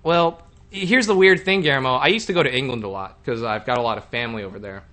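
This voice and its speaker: A man's voice: medium pitch, fast, sharp tone. Chatty man hosting a casual show. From Texas, Houston area. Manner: chatty, asks playful questions. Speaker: podcast host. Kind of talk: casual chat.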